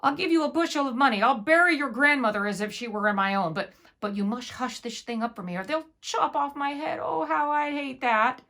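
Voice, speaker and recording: A woman's voice: high voice, fairly quick, hardly any pauses, pushed and bright, voice pushed up. A woman playing a panicky wailing innkeeper. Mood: panicked. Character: frantic blustering male innkeeper.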